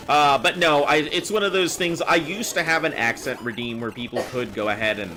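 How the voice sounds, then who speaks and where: A man chatting casually with viewers while he plays, rambling and thinking out loud. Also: a little high, fairly quick, a little hiss or hum. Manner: rambling, talks to chat while playing. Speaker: game streamer. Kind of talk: casual live-stream chat. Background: game music.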